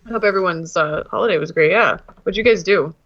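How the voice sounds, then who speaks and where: A woman's voice: fairly low pitch, fast talker, fairly bright tone. A woman co-hosting a casual podcast, jokey and giggly, laughing often. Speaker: podcast co-host. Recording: muffled lo-fi mic with faint noise.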